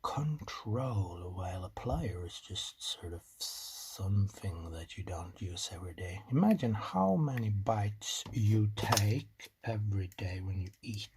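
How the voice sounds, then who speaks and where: This low-quality recording captures a DIY electronics host with a non-native English accent and a low, darkish voice, speaking slowly with big pitch swings. He rambles casually through a circuit build at his home bench, muttering and joking as clicking and typing sound clearly behind him.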